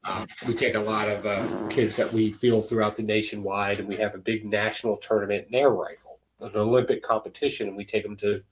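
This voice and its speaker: A man's voice: lowish voice, little pitch movement, fairly quick, few pauses, slight background noise, rough recording. A middle-aged man chatting casually on a panel, a rambling, jokey storyteller. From United States. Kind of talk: casual chat.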